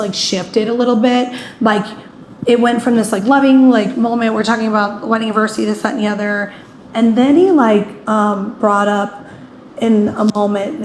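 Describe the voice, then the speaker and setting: A woman guest telling a painful personal story in a rambling way, with many fillers, often acting out what people said. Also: medium pitch. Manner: rambling, many "like" fillers, acts out quoted speech. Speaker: interview guest. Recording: echoey room with faint ambient noise.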